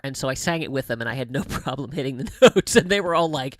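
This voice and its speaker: A man's voice: medium pitch, animated, quick pace, no room sound. A middle-aged man chatting on a livestream, telling stories with laughs and many restarts. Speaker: streamer. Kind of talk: casual livestream chat.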